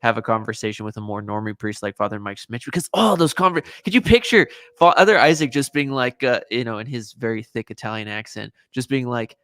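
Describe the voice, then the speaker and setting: A man co-hosting a podcast in casual, animated chat, getting louder and higher as he gets excited. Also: a little fast, hardly any pauses, dry recording. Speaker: podcast co-host.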